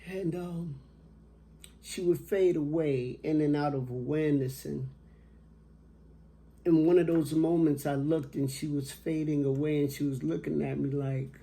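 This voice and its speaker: A middle-aged man telling a personal story as a motivational speaker, slow and reflective with long pauses. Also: on the high side, fairly even intonation, gravelly, mellow.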